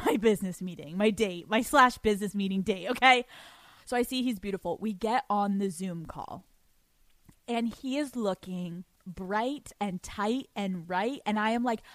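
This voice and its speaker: A young woman hosting a podcast, telling a story in a casual, animated way, swearing freely and laughing often. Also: a little high, dry recording. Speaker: podcast host.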